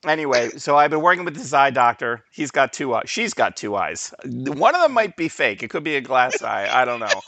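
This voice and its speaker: A male podcast co-host, an animated storyteller, spins stories in casual chat and laughs often. His mid-range voice is brisk with hardly any pauses, and the recording is dry.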